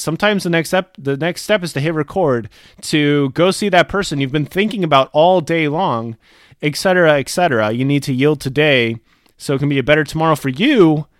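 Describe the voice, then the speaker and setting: A young adult man telling a personal story in a chatty, animated way, full of casual fillers. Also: fairly high pitch, no echo, clean studio sound.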